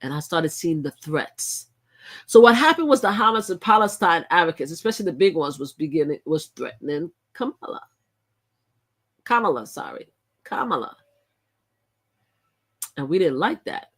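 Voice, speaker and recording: A woman's voice: sits low, big pitch swings, brisk. A middle-aged woman hosting a live stream, talking in a rambling, emphatic way with frequent restarts. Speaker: livestream host. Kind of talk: casual live-stream commentary.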